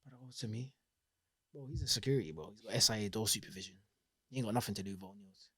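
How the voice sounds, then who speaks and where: A man, telling an animated, slangy story as an interview guest and acting out the dialogue. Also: fairly low pitch, racing. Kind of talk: casual storytelling.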